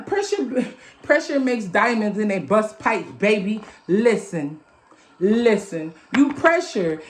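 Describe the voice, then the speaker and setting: A woman with a high voice gives a casual motivational tarot reading, loud and emphatic, with plenty of swearing. She talks into a phone. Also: animated, measured pace. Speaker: tarot reader.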